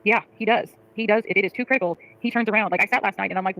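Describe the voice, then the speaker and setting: A woman livestreaming, venting to her chat in a fast, profane, frustrated way and reading out comments. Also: medium pitch, fairly even intonation, vocal fry, a bit bright, low-quality recording.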